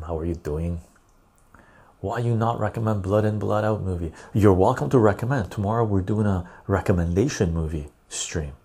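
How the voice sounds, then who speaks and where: A man hosting a casual live stream, reading viewer messages aloud and answering them in a relaxed, rambling way. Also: on the low side, gravelly, husky. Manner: relaxed and rambling, with frequent fillers.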